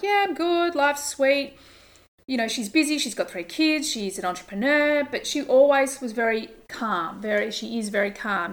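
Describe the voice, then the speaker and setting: A woman hosting a solo podcast, talking casually as a coach, animated with emphatic rises and frequent fillers and restarts. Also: medium pitch.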